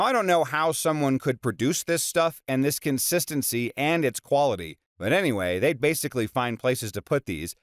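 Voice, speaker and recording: A man's voice: medium pitch, no echo. A man narrates a string of anecdotes for a story channel, with wry remarks between them. His voice sits in the middle range. The recording is close and dry, with no room around it. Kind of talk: reading internet stories aloud.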